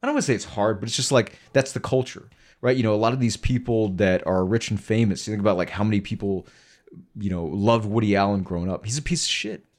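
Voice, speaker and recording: Casting: low-pitched male co-host, blunt and frank, loose casual delivery. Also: fairly even intonation, fast talker, darkish tone. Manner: frank, blunt, with lots of filler words. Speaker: podcast co-host. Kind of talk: casual chat.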